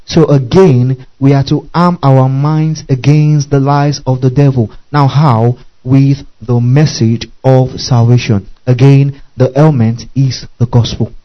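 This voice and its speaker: A man's voice: mid-range voice, fairly even intonation, unhurried, few pauses, dull audio. A man preaching a sermon, emphatic, often asking his listeners questions and stopping to spell out Greek words.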